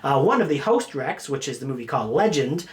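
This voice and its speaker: A man's voice: medium pitch, sing-song, brisk. A man hosting a casual vlog about his film collection, rambling and joking at his own expense. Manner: rambling, jokey, self-mocking. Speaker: video host showing his film collection.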